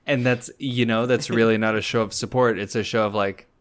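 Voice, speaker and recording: A young man co-hosting a comedy podcast with a dry, deadpan delivery. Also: mid-range voice, brisk. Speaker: podcast co-host. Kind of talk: casual comedic chat.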